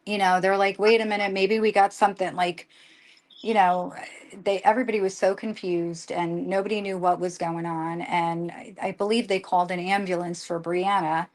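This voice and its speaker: An older woman tells her family's story in an emotional live conversation, rushing and restarting as she quotes what everyone said. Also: fairly low pitch, little pitch movement, darkish tone. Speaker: guest.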